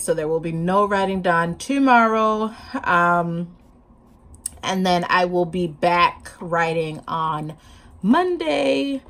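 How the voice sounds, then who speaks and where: A woman vlogging casually to camera about her writing, hyper and chatty, laughing often, talking with her hands, a bit sleep-deprived. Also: lowish voice.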